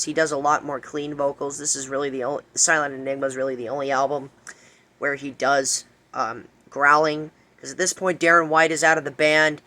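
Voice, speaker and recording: A man's voice: on the high side, sharp tone. A young man hosting a casual music countdown, enthusiastic and repetitive, drawing out words for emphasis. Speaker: music video host.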